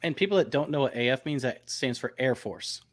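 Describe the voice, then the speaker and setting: A man from the northern United States co-hosting a live podcast, relaxed and easygoing in casual banter. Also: medium pitch, fairly quick. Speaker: podcast co-host. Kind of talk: casual live-stream chat.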